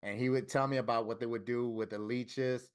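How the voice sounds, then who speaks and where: Middle-aged man from Florida, mid-pitched voice, tattoo-artist guest, spins stories in a relaxed way and voices the people he quotes. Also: brisk, clear, resonant tone. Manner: lively storyteller who acts out quoted dialogue. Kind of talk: casual storytelling interview.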